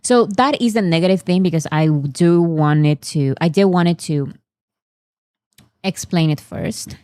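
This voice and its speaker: Woman chatting over fan clips, translating as she goes, kinda low voice, dry sound. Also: unhurried, mellow, smooth, dry recording. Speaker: host. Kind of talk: casual commentary on fan videos.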